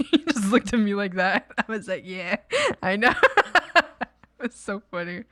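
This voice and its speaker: A woman's voice: mid-range voice, moderate pace, fairly bright tone, no room sound, studio quality. A woman streamer chatting casually while she draws, rambling with lots of fillers and frequent giggles. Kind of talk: casual chat while drawing.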